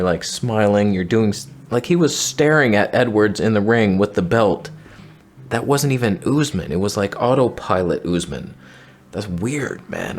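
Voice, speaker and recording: A man hosting a casual fight-prediction show, talking in a joking, sarcastic way. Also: mid-range voice. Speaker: podcast host.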